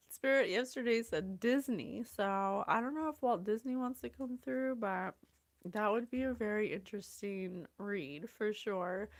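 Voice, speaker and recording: In a relaxed livestream reading, a woman who works as a psychic and show host gushes warmly and calls out viewers by name. Her voice is mid-range, with no echo in the recording.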